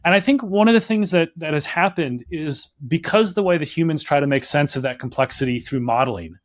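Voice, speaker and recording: A man answering as an author guest in a podcast interview, thinking out loud and leaning on "like" and "right?". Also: fairly high pitch, expressive, brisk, no room sound, studio quality. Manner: thoughtful, heavy use of "like" and "right?".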